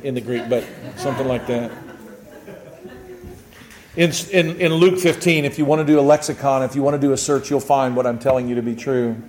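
A man preaching a sermon, reading scripture and acting out scenes with shouts and excitement. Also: medium pitch. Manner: animated, shouts and acts out joyful voices. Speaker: pastor.

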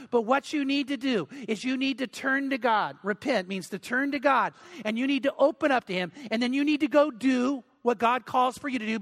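Male pastor, high voice, earnest sermon delivery with pleading repetitions. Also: fairly bright tone. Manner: earnest, pleading, repeats words for emphasis.

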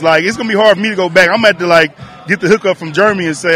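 A man's voice: high-pitched, racing, a bit bright, soft background music. A man chatting in an easygoing, friendly way as a guest at an outdoor beer festival. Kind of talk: casual chat at a beer festival.

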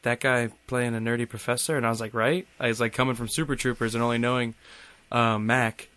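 A man's voice: medium pitch, little pitch movement, brisk, fairly bright tone. A young man co-hosting a podcast, bantering casually and joking with laughs. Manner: jokey, laughing, puts on mock accents. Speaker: podcast co-host.

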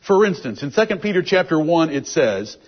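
A man's voice: a little high, big pitch swings, moderate pace, slightly rough. A man giving a verse-by-verse Bible teaching, reading out scripture verses and explaining them with emphasis. It is a dull, lo-fi recording.

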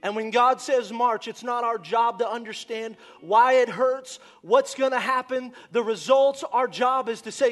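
An impassioned male pastor preaches a sermon in a fairly high voice. He swings from loud shouts down to near-whispers, with soft guitar music under him. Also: a little slow, hardly any pauses.

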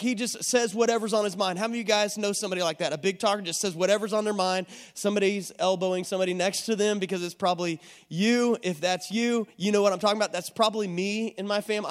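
High-voiced man preaching conversationally. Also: big-room sound. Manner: conversational, asks the audience questions. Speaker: pastor. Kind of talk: sermon.

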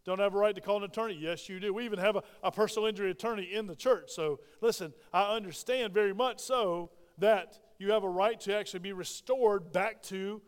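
A man's voice: high voice, brisk, few pauses, clear, resonant tone, long reverb tail. A man with a Southern American accent preaching a sermon in a church, emphatic and drawing call-and-response from the congregation. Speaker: pastor. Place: church sanctuary.

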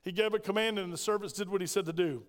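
A man's voice: high-pitched, quick pace. A man preaching a sermon as pastor, firing off rhetorical questions and acting out scripture quotes. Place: church sanctuary. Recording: long hall reverb.

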